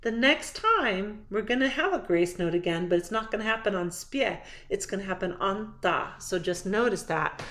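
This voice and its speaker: A woman's voice: medium pitch, expressive, normal speed, hardly any pauses, a bit bright. A woman voice teacher who patiently explains a song, then sings phrases to show them. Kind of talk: singing lesson walkthrough.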